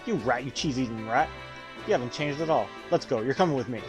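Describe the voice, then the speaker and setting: A man's voice: mid-range voice, lively intonation, fast, over music, natural voice. A man reading the lines of an angry young woman knight who scolds and name-calls her runaway brother. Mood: scolding. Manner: sharp scolding, name-calling.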